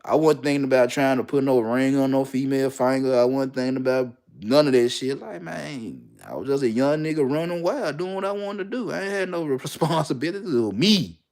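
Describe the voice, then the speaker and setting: A man's voice: mid-range voice, animated, brisk, hardly any pauses, darkish tone. Blunt, profane man telling his story. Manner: profane, blunt, repeats lines for emphasis. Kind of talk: candid personal storytelling.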